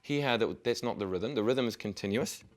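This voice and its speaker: A man's voice: medium pitch, a little fast. A man teaching a guitar lesson, patiently counting strokes step by step and encouraging the viewer. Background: guitar playing.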